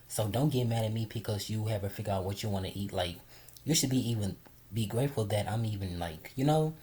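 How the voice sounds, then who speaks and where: A woman co-hosting a casual chat, blunt and quick to laugh. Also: rumbling low, mellow.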